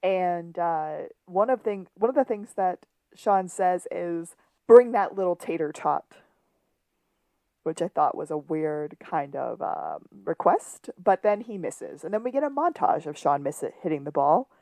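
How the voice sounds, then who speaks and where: A woman's voice: on the low side, lively intonation, a little slow, few pauses, darkish tone, no echo. A woman co-hosting a podcast, chatting casually as she recaps a TV episode and retells its scenes. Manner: chatty, laughs often, retells scenes with quoted lines. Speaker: podcast co-host.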